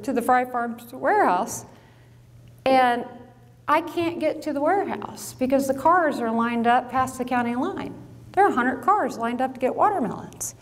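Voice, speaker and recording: A middle-aged woman from Illinois, speaking with a fairly high voice that carries a long reverb from a large hall. She tells a story to an audience in a lively way, acting out quotes and adding self-mocking asides. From Illinois, USA. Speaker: farm business owner and speaker.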